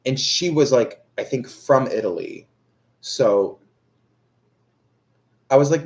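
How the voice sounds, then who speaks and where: A man's voice: medium pitch, expressive, normal speed, long pauses. A young man chatting casually with viewers on a live stream, rambling and self-deprecating, full of fillers and restarts. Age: young adult. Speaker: tarot reader on a live stream.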